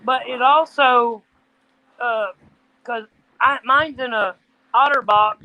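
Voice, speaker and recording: A woman's voice: on the high side, slow pace, dull audio. A woman telling a casual story in folksy chat, quoting what people said. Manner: folksy, quotes people in her stories. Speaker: co-host of a trucking livestream.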